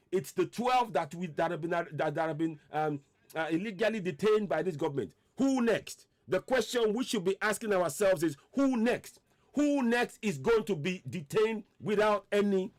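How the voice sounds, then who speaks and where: A man hosting a radio commentary, his voice pitched high and swinging widely as he presses his point. He piles up repeated rhetorical questions with mounting force. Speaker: online radio host. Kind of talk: impassioned political commentary.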